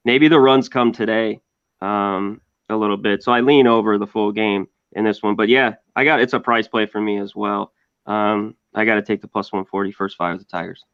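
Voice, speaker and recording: A man with a low voice co-hosts a betting talk show and weighs his picks in a measured, hedging way. His audio sounds dull and lo-fi, with a very dry sound. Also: steady tone, smooth, no room sound. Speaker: co-host.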